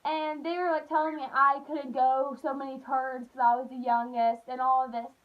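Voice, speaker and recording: A young woman telling a childhood story on her vlog, animated and full of "like", acting out the voices. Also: sits high, normal speed. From Appalachian United States. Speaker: vlogger. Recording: dull lo-fi recording.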